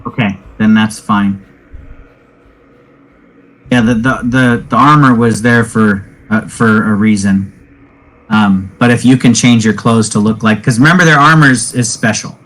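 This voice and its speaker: Running a casual tabletop game, a man serving as game master chats and explains the rules at length, firing off quick questions when puzzled. His voice is lowish with a fairly bright tone, and the recording is rough.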